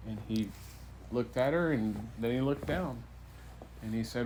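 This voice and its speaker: A man improvising a playful bedtime story for his child, unhurried and full of puns. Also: medium pitch, a little mellow, slight background noise, poor audio. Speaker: parent telling a bedtime story.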